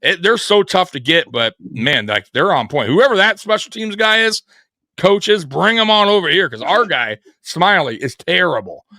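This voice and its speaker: Excitable, profane man, bright voice. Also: high-pitched, moderate pace, no echo, studio quality. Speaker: co-host of sports show. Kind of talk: casual live sports chat.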